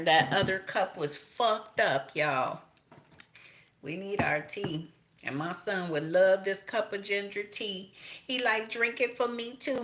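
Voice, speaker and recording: A woman's voice: on the low side, fairly bright tone. A middle-aged woman from Chicago doing a casual tarot reading, talking straight to viewers, swearing freely and laughing. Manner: profane, laughing, talks to viewers directly. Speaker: tarot reader.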